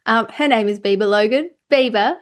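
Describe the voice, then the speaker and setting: A woman's voice: fairly high pitch, moderate pace. Giggly, playful woman podcast host. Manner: giggly and playful, laughs often. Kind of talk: casual chat.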